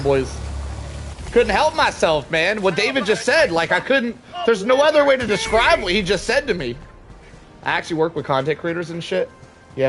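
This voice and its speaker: Game sounds play clearly in the background as a young male streamer chats casually with his viewers live. His voice is fairly high and a bit bright, and he's chatty, reading messages aloud, joking, and swearing.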